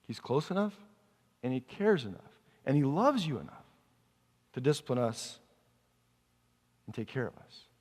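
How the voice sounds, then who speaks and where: A man's voice: mid-range voice, very animated, normal speed, long pauses, darkish tone, big-room sound. A male pastor preaching a sermon in a conversational way, asking the congregation questions as he goes.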